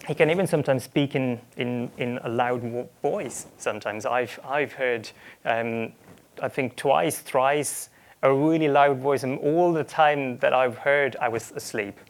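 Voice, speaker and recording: Earnest preacher with a gravelly voice. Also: male voice, medium pitch, measured pace. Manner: earnest, with frequent repeated starts and quoted asides. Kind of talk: sermon.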